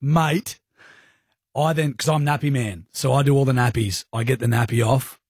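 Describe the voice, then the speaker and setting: A young Australian man co-hosting a radio show, telling a funny story in a lively, casual way and acting out sounds. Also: medium pitch, normal speed, slightly rough, no echo, clean studio sound. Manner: animated storyteller, acts out sounds and voices. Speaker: radio co-host. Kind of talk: casual chat. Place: radio studio.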